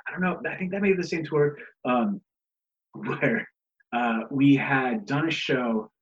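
Guest man, casual storyteller, curses freely, laughs a lot, acts out quotes; muffled lo-fi recording, average pitch. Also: measured pace. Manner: profane, laughing, acts out others' lines. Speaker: guest, pro wrestler.

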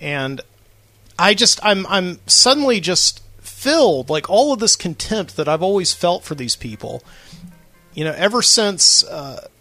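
A man's voice: sits high, very animated, unhurried, pushed and bright, no room sound, faint music behind. A man hosting a late-night solo podcast from a studio, telling a long rambling story with lots of fillers. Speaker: podcast host.

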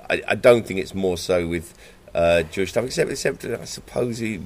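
A man's voice: low voice, a little fast, vocal fry. A man chatting casually and thoughtfully, often stumbling and repeating his words. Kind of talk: casual conversation.

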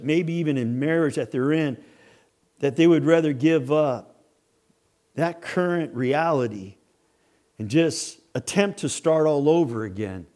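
A middle-aged man preaching a sermon as pastor, telling stories with acted-out voices and building to emphatic points. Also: fairly high pitch. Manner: animated storyteller, acts out voices, rising to emphatic preaching.

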